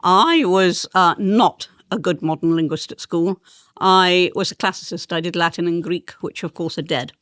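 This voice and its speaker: A woman's voice: fairly low pitch, normal speed, fairly bright tone, no echo, clean studio sound. An older woman with a received pronunciation accent and rolled R's, speaking as an interview guest in a precise, emphatic way. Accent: English received pronunciation with rolled R's. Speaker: interview guest, former politician. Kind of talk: conversational interview.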